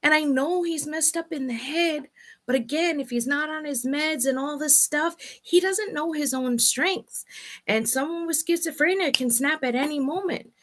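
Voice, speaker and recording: A woman's voice: high-pitched, normal speed. Blunt, profane woman venting candidly. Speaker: vlog host. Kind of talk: candid personal chat.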